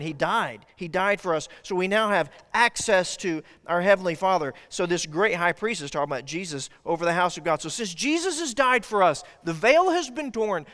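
A man's voice: high voice, a bit bright. A man preaching a sermon as pastor, earnest and building to emphatic declarations. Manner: earnest preaching, rising emphatic on key lines. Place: church sanctuary. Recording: long reverb of a church hall.

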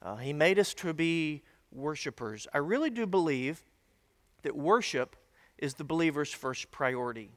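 The pastor's voice runs on the high side, with lively intonation and a moderate pace. He gives a folksy, conversational teaching sermon with little asides to a congregation in a church sanctuary, heard through long hall reverb.

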